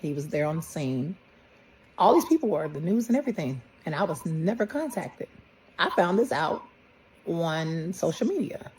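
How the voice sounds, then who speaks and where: Low mellow lady, middle-aged, halting storytelling, little bit of hiss. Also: sing-song, low-quality recording. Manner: plain, halting retelling with quoted dialogue. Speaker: grieving mother. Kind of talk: personal storytelling.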